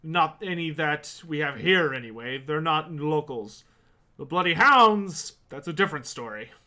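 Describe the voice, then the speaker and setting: A man voicing a gruff, stern old male dwarf runesmith with a hearty manner. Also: fairly high pitch, lively intonation, a little slow, pushed and bright, full character voice.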